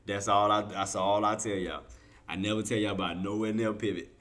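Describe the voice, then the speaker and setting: Steady and fairly bright, this trading streamer's lowish voice moves along fairly quickly. During live intraday commentary he addresses chat as "y'all" in casual speech, going over points more than once and testing viewers with questions.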